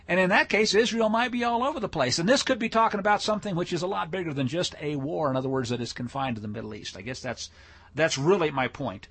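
Male teacher, somewhat high, husky voice, emphatic reading, dry asides. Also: fairly bright tone. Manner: reads verses aloud with rising emphasis, adds wry asides. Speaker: Bible teacher. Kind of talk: sermon teaching with scripture reading.

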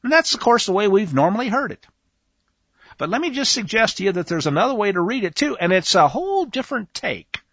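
A man leads a conversational Bible study in a high voice that leaps around his range. He is emphatic and speaks straight to his listeners. The recording is dry and a little dull. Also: fairly quick, slightly rough, no room sound. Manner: animated, emphatic, talks to listeners directly. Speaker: Bible teacher.

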